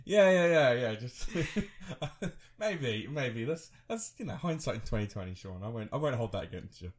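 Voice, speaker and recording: A man's voice: mid-range voice, big pitch swings, normal speed. Giggly, rambling thirty-something podcast man. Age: 30s. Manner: laughing, rambling, self-mocking storytelling. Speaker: podcast co-host. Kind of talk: casual chat.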